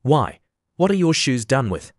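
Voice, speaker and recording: A man's voice: mid-range voice, big pitch swings, unhurried, no echo, studio quality. A man voicing an impatient, bossy male griffin creature in a storybook reading, with a solemn, matter-of-fact delivery.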